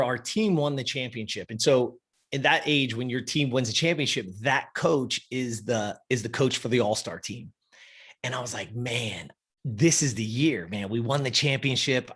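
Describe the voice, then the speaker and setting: A man's voice: medium pitch, a bit bright. A man in his fifties, a podcast guest, telling a personal story in a casual, emphatic and profane way. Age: 50s.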